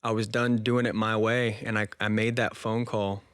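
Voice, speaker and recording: A man's voice: fairly low pitch, flat delivery, moderate pace, a bit bright, clean tone, no room sound, clean studio sound. A young man in his twenties telling an emotional personal story in a casual interview, laughing now and then. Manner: earnest and emotional, laughs often, says "dude" and "man". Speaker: podcast guest.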